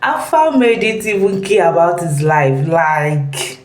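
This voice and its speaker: A woman host giving a relaxed, laughing commentary on clips she has just watched. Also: lowish voice, takes it slowly, echoey room, low-quality recording. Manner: laughing, relaxed reaction chat. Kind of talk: casual commentary.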